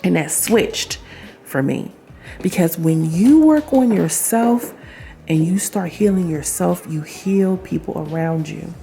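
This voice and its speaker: Gravelly-voiced woman vlogging to her viewers. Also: lowish voice, lively intonation, takes it slowly, warm tone, soft background music. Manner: chatty, affirming, speaks straight to viewers with laughs and asides. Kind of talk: casual talk to camera.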